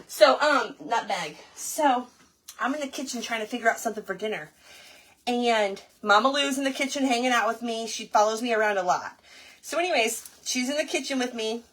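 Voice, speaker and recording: A craft livestream host with a voice on the high side speaks at normal speed. She's chatty and animated, telling a casual story while she crafts and addressing her viewers as y'all.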